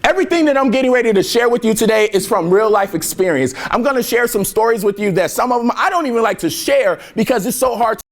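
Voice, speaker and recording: A young man from near Chicago giving an energetic keynote speech to students, joking and leading call-and-response chants with slangy, playful talk. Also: extremely high pitch, fast, hardly any pauses. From Harvey, Illinois, near Chicago. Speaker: keynote speaker. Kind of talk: motivational speech to a student crowd. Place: large hall with a student audience.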